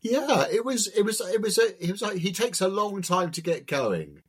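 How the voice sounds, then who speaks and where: Male guest writer, husky voice, very lively swinging pitch, animated storyteller, halting restarts, casual chat.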